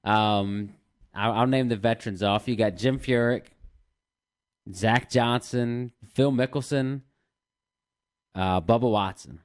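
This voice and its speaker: A man's voice: mid-range voice, takes it slowly, pauses often, clear, resonant tone. A man co-hosting a sports podcast, matter-of-fact as he reads off stats and player names. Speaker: podcast co-host. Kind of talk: casual sports chat.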